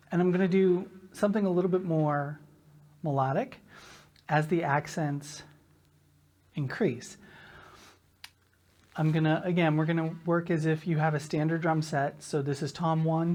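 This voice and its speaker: A woman with a notably low voice teaches a drum lesson at an easy pace. She is patient and counts the sticking patterns aloud in a sing-song rhythm, with faint background noise on the recording. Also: a little mellow. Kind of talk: instructional lesson.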